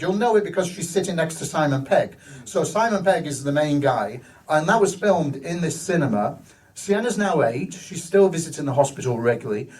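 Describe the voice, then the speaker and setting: A man's voice: a little high, darkish tone, distant mic, low-quality recording. A man, a hospital cinema manager telling rambling, enthusiastic stories in a live stage interview. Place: live show venue.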